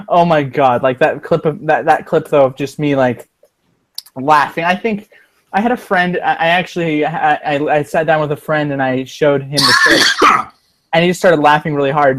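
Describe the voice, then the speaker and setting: A man's voice: fairly high pitch, steady tone, normal speed, fairly bright tone, dry recording. A man chatting casually on a livestream, rambling and profane with frequent fillers and restarts, recorded on a computer mic. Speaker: livestream co-host.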